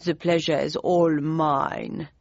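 A woman doing a stiff older Prussian statesman, speaking with a heavy German accent in a slow, intoning, icily polite way. The voice sits low and measured. The sound is dry and a little dull. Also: level tone, a little mellow, no echo. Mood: formal.

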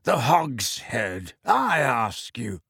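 A man's voice: a little high, lively intonation, normal speed, fairly bright tone, slightly rough, dry recording, clean studio sound, voice pushed up, full character voice. A man reading an audiobook, voicing a bold, wry adult male wizard who talks in a teasing, confident way.

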